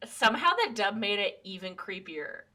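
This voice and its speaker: A woman co-hosts a casual podcast with a bright, sharp tone at a middling pitch. She chimes in with quick, wry remarks and laughs easily. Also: a little hiss or hum. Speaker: podcast co-host. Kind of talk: casual chat.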